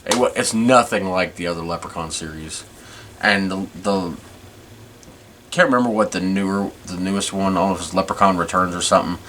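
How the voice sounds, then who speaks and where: Man, podcast host, fairly low voice, casual rambling chat. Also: a little fast, fairly bright tone, slight background noise. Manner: rambling, many restarts.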